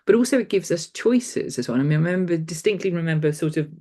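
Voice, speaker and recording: A woman's voice: fairly low pitch, animated, quick pace, mellow. Chatty, rambling middle-aged woman. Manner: chatty, rambling, with many restarts and fillers. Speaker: guest lecturer. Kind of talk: conversational interview.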